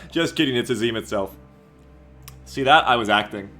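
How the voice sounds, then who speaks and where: A man's voice: on the low side, lively intonation, fairly quick, sharp tone, faint music behind. A man streaming a game, talking loosely and chattily, swearing and reading out chat messages. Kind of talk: casual livestream commentary.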